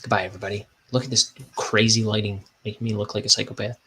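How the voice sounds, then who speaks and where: A man's voice: on the low side, level tone, quick pace, a bit bright, slightly rough, rough recording. A man who is a cartoonist, chatting casually and self-mockingly while he inks his comic on a livestream. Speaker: cartoonist streaming his inking.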